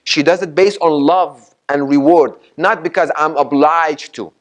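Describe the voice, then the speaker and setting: A man preaching with a somewhat high voice, pressing each point and repeating it again and again. He puts questions to his listeners and recites Arabic sayings before he explains them, speaking as a sheikh in a mosque hall. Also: a little slow. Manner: emphatic and repetitive, asks the audience questions. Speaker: sheikh giving a Ramadan lecture. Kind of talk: sermon.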